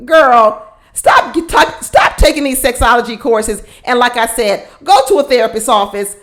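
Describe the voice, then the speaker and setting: A woman's voice: on the high side, lively intonation, unhurried. A woman hosting a casual reality show recap, blunt and sassy, often repeating her points for emphasis.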